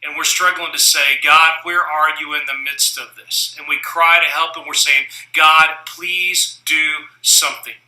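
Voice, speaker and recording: Forceful bright-voiced male preacher, echoey room. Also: fairly high pitch, flat delivery, moderate pace, few pauses. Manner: earnest storytelling, conversational. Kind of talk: sermon.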